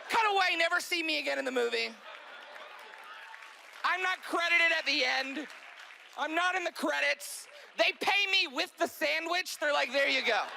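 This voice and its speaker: Guy doing stand-up, animated, acts out little voices, bright sharp tone. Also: very high-pitched, gravelly, a little hiss or hum. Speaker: stand-up comedian. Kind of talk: stand-up comedy.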